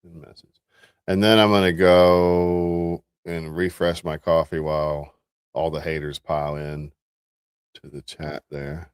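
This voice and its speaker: A man's voice: a bass voice, flat delivery, slow pace, smooth, no room sound, studio quality. A man hosting a livestream in casual chat, laid-back and talking through what he is doing. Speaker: livestream host.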